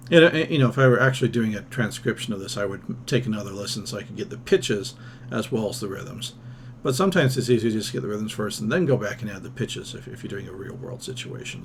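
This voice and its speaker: A man's voice: fairly low pitch, creaky, a little hiss or hum. A man teaching a music theory lesson, thinking aloud and singing solfège and scat syllables to demonstrate, with casual, self-deprecating asides. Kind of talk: recorded ear-training lesson.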